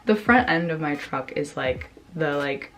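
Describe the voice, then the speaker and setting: A young woman talks straight to her camera in a loose, rambling storytime, full of "like" and "you know" and sudden swearing. Her voice sits a little low for a woman. Faint music plays underneath. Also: animated, measured pace, a bit bright. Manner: rambling, many fillers, swears, reenacts her own reactions. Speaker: vlogger telling a story. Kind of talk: casual storytime chat.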